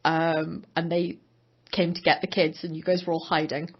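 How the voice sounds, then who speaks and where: A woman's voice: low voice, little pitch movement, normal speed, breathy edge. A woman interviewing an actor, asking questions casually with a friendly, slightly hesitant manner. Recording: dull lo-fi sound.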